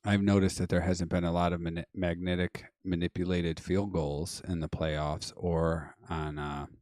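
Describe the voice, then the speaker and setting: A man with a very deep voice runs a casual live-stream show, rambling through viewer comments in an offhand way. His voice is going hoarse. The sound is dry and close, with no room echo. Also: little pitch movement, normal speed, darkish tone. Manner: rambling, offhand, many fillers and trailing asides. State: losing his voice.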